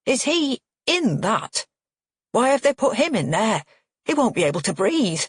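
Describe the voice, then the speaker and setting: Female reader doing old dad with dementia: demanding, snappish, husky and low, dry close read. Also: no room sound. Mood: agitated. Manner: demanding, snapping, then lost and slow. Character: elderly father with dementia, confused then stern.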